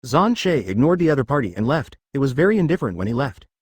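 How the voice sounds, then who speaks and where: Male narrator for a web novel, rapid and rambling delivery, very dry close sound. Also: mid-range voice, sing-song, husky, no room sound.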